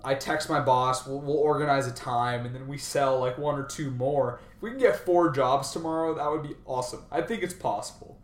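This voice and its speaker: A man's voice: mid-range voice, fairly quick, few pauses, distant mic. A man who works as a personal trainer, chatting casually with friends about their new business and laughing easily. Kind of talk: casual chat. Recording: roomy, from off-mic.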